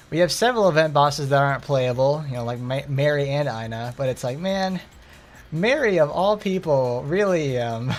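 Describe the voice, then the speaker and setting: Rambling Southern man over game music. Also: a little high. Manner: rambling, excitable, lots of fillers. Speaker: gaming streamer. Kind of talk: casual game commentary.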